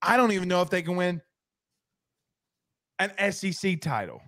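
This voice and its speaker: Guy with a pretty high voice cracking crude jokes on a sports podcast, dry sound. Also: very animated, normal speed, fairly bright tone, no room sound. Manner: crude joking banter. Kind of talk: casual chat.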